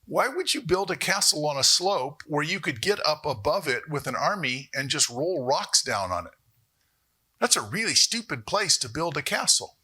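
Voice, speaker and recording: A man giving a university economics lecture, animated, with jokey asides and rhetorical questions to the audience. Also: on the high side, moderate pace, slightly rough. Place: lecture hall.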